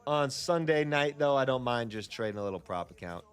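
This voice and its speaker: A man's voice: mid-range voice, lively intonation, a little fast, clean tone, soft background music. A man hosting a casual trading livestream, talking upbeat and chatty to his viewers.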